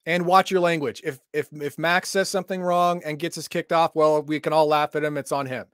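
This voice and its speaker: Man, co-host, casual stream chat, joking emphatic delivery, slightly high pitch, dry sound. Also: steady tone, fairly quick, no room sound. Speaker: game master podcast co-host.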